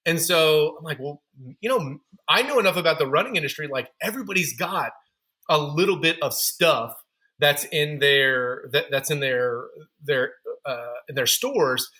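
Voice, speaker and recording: A man in his thirties speaks as a podcast guest, his voice pitched a little high and notably bright and forceful. He tells his story candidly and pokes fun at his own shortcomings. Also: normal speed. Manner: candid, self-deprecating storyteller. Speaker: podcast guest, running store founder.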